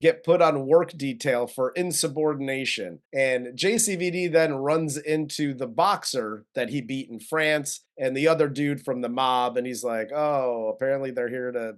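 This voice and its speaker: A man's voice: mid-range voice, moderate pace, hardly any pauses. A man co-hosting a casual movie review chat, retelling the plot loosely and laughing often. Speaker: co-host film reviewer.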